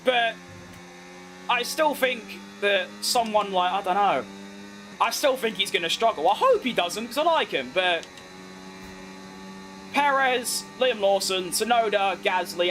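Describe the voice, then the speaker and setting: A young man with a British accent, chatting casually as he streams a racing game, reacting fast and poking fun at himself. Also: high voice, lively intonation, a bit bright, slight background noise. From United Kingdom. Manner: chatty, quick reactions to the race, self-mocking. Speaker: gaming streamer. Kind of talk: live gameplay commentary while reading chat.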